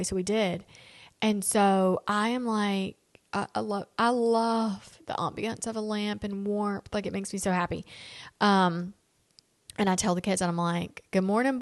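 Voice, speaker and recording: A woman in her late thirties hosting a solo podcast, chatting candidly and directly to her listeners in a casual, homey way. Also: medium pitch. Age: 30s. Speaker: podcast host. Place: home lounge.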